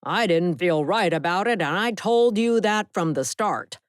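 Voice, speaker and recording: A woman's voice: lowish voice, expressive, a little slow, no room sound, clean studio sound. A woman voicing a nervous, defensive male surveyor who protests at being used in an audiobook. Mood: protesting. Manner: protesting, flustered.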